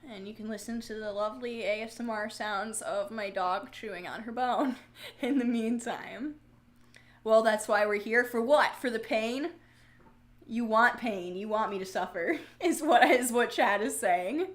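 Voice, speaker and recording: A young woman with a voice on the high side speaks a little slowly. She hosts a casual livestream, chatting, joking, and answering viewer comments as she goes, laughing easily and tossing in jokey asides.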